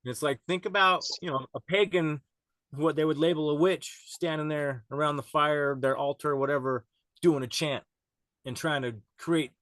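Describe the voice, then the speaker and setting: A man's voice: on the high side, fairly even intonation, moderate pace, fairly bright tone, dry recording. A man guest on a podcast, telling a wild story in a rambling, profane way with frequent laughs. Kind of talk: casual storytelling chat.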